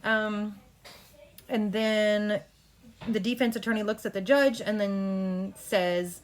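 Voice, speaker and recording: Brisk woman coaching a play rehearsal. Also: mid-range voice, steady tone. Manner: instructive, brisk, talks through cues. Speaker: drama coach.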